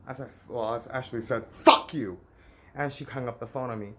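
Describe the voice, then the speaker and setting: A man's voice: medium pitch, steady tone, fast talker. A man telling his own story in a vlog, candid and emotional. He speaks frankly and retells painful family moments in a plain, confessional way. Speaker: vlogger. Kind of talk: personal storytelling.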